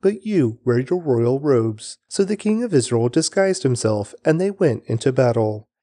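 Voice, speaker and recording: Guy reading the bible out loud, lots of pitch movement, mellow dark voice. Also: very animated, moderate pace. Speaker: Bible reader. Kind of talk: scripted scripture reading.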